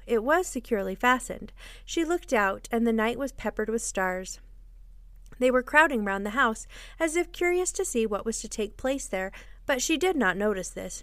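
Expressive female storybook reader. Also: a little high, dry recording, clean studio sound. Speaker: podcast host and reader. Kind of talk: storybook narration.

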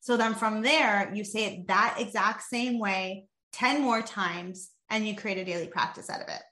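A woman's voice: mid-range voice, moderate pace, reverberant. A woman coach explaining a mindset method with energy, acting out examples as she goes. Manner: energetic, demonstrates with body and voice. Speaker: guest coach.

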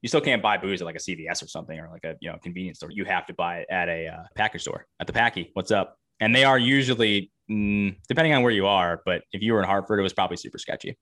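A man's voice: deep voice, fast talker, few pauses, sharp tone. A man from Connecticut, a podcast co-host chatting casually with wry, ranting asides. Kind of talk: casual chat.

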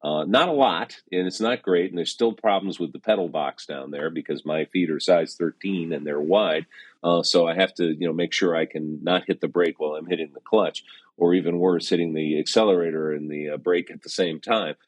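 A very deep-voiced middle-aged man talks about car prices in an easy, rambling way. He hedges with fillers and slips in dry teasing. The sound is dry, with no room in it. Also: a little fast, dry recording. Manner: chatty, hesitant with fillers, wry teasing. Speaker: classic car valuation expert, co-host. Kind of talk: casual conversational chat.

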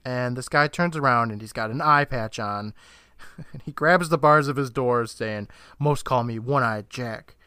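Guy podcast cohost recapping a show, bright punchy voice, laughs a lot, swears, dry close sound. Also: mid-range voice, moderate pace, clear, resonant tone, no echo. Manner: laughing, swearing, mimics characters. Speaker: podcast co-host. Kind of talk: casual episode recap.

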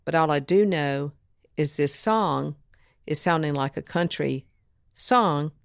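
A woman from Mississippi tells a story in an interview, acting out other people's lines as she goes. Her voice sits low and has a gravelly edge. The recording is dry and close, with no room sound. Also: takes it slowly, dry recording. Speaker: guest, music producer and author.

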